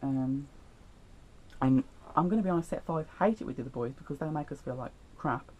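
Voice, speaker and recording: A man's voice: medium pitch, brisk, a little mellow, muffled recording, slight background noise. A teenage boy telling school stories in a chatty, rambling, self-deprecating vlog. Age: teens. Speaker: vlogger. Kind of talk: storytime vlog.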